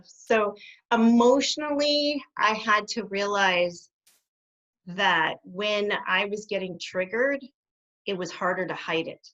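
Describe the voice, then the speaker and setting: A middle-aged woman, a guest behaviour specialist, telling her stories in an animated way and laughing often. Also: mid-range voice. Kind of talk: conversational interview. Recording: dull lo-fi sound.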